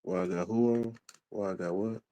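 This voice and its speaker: A man with a very low, deep voice hosts a casual livestream. He talks in a relaxed, slangy way, greeting viewers by name and reading their comments aloud. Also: normal speed, poor audio. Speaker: livestream host.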